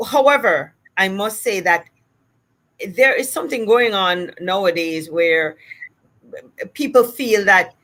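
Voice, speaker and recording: A Jamaican woman talks through her points as a speech therapist, explaining at an even, mid-level pitch. She is animated and breaks into little acted-out examples. The talk is relaxed and conversational. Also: takes it slowly, pauses often. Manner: animated, acts out examples in different voices. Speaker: speech-language pathologist.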